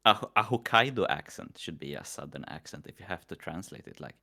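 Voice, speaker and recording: A man's voice: low-pitched, expressive, fairly quick, vocal fry, sharp tone. A man from Sweden chatting casually on a stream, rambling and swearing often. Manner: profane, rambling.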